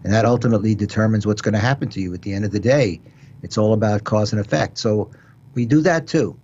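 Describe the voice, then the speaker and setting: A man's voice: on the low side, quick pace, darkish tone, a little hiss or hum. An older man with a New York accent, a retired judge hosting a casual radio talk show, explaining legal matters with frequent restarts. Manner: explanatory, repeats words, restarts. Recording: dull lo-fi broadcast audio.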